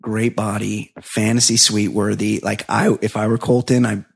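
A man's voice: lowish voice, level tone, normal speed, vocal fry, breathy edge. A man co-hosting a podcast in casual chat, heated and sweary, often chiming in to agree. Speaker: podcast co-host.

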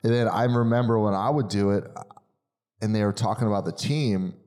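Friendly low-voiced podcast host. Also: male voice, fairly even intonation, a little fast, darkish tone. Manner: friendly, reflective, with loose trailing sentences. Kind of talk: casual podcast chat.

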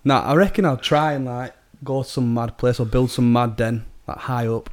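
A man's voice: medium pitch, fairly even intonation, normal speed. A young man chats casually with friends in a laid-back, slangy way. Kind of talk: casual banter.

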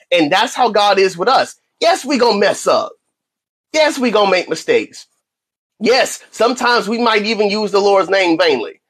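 Husky-voiced man preaching casually. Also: sits high, lively intonation, normal speed, fairly bright tone. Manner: earnest, conversational, repeats phrases for emphasis. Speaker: podcast host. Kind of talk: preaching-style talk.

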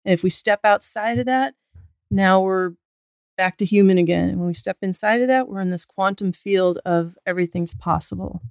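A woman speaking as a guest medical intuitive in a casual podcast conversation, calm and explanatory, with a spiritual bent. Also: mid-range voice, moderate pace, vocal fry, dry recording, clean studio sound.

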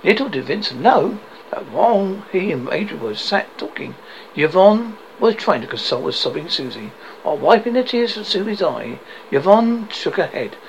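A man's voice: sits high, sing-song, moderate pace, creaky, slight background noise, low-quality recording. A man reading an extract from his own book aloud, telling the story steadily with occasional slips. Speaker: author and narrator.

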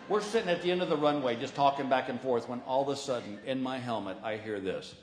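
A middle-aged man doing stand-up storytelling, animated and bursting into shouts. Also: mid-range voice, fast, hardly any pauses. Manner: animated, breaks into shouts and laughs at his own story. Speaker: stand-up comedian. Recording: roomy live venue with crowd noise.

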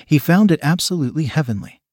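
A man narrating a scripted story in a measured, steady reading manner. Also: fairly high pitch, dry recording, clean studio sound.

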